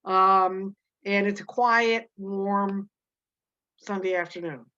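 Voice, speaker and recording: A woman teacher explaining a novel chapter and reading passages aloud, halting with many fillers and restarts. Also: mid-range voice, fairly even intonation, pushed and bright, dull audio.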